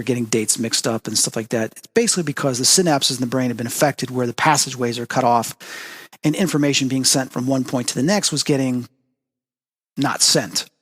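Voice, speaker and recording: A man's voice: breathy edge, in a large hall. A man hosting a spiritual talk show, telling a personal story and acting out the dialogue with big jumps in voice. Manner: animated storytelling, acts out quoted dialogue with big pitch jumps. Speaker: host. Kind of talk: storytelling monologue.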